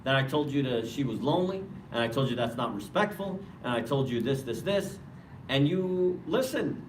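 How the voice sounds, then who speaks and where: A man's voice: medium pitch, lively intonation, normal speed, lightly acted. A man voicing a scheming male devil who taunts his victim, heard in a roomy hall from a distant mic. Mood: taunting. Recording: roomy hall, mic far off, faint noise.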